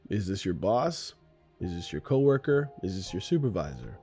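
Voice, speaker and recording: A man's voice: deep voice, sing-song, moderate pace, dark tone, breathy edge, soft background music. A man hosting a solo podcast, talking in a rambling, conversational and self-deprecating way in his morning voice. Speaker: podcast host.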